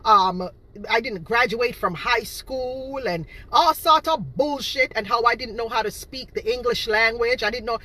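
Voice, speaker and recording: A woman's voice: on the high side, a little slow, pushed and bright, poor audio. A woman, ranting to camera about her cake business and her critics with indignant, repetitive emphasis. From Boston, Massachusetts. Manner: indignant, emphatic, repeats herself. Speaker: home cake seller. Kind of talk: direct-to-camera rant.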